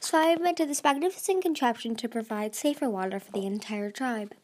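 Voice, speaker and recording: A woman voicing an eccentric, excitable male dragon scientist who talks eagerly and lectures at length, in an amateur audiobook reading. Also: on the high side, fairly quick, lightly acted. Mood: eager lecturing.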